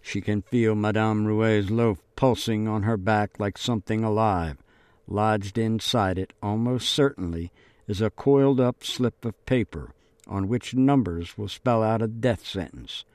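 A man narrating an audiobook in a measured, deliberate reading. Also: fairly low pitch, darkish tone, dry recording.

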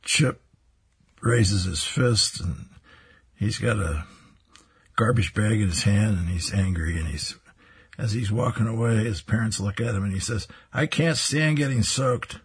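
Man reading comic strips aloud, husky and low, chuckles between strips. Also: measured pace, long pauses.

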